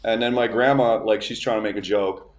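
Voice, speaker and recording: A man's voice: steady tone, a little fast. A man co-hosting a comedy podcast, telling family stories in casual chat and mimicking his grandparents' voices. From French-speaking family background. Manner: storytelling, imitates relatives with raised pitch.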